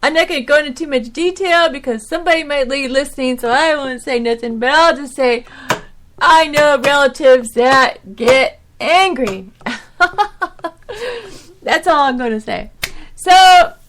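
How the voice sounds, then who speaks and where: A woman's voice: sits high, measured pace, noisy background. A middle-aged woman hosting a podcast, talking in a rambling, emotional monologue that turns preachy as she rants, with frequent laughs. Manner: animated, preachy ranting. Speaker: podcast host. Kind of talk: casual monologue.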